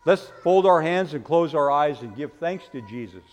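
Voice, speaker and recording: A middle-aged man, a pastor, giving a children's sermon in church, gently asking the children questions and leading a prayer. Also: a little high, animated, normal speed, hardly any pauses. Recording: long church reverb.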